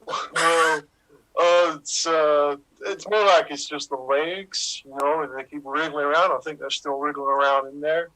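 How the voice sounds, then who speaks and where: A man's voice: on the high side, fairly even intonation, sharp tone, poor audio. A man playing a hesitant patient who stumbles through his words in an improv scene. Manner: halting, full of ums. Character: hesitant, bumbling male patient.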